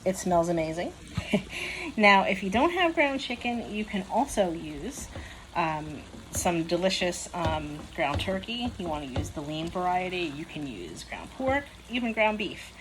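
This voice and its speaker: A woman's voice: fairly low pitch, sing-song, a little slow, background noise. A woman hosting a casual home cooking demonstration, chatty and upbeat, laughing often. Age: young adult to middle-aged mom. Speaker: cooking channel host. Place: home kitchen.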